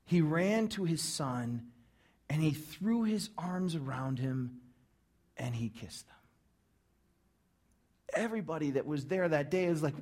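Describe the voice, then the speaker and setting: A man preaching a sermon, telling a story with lively acted-out crowd reactions. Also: a little high, a little slow, pauses often. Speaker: pastor.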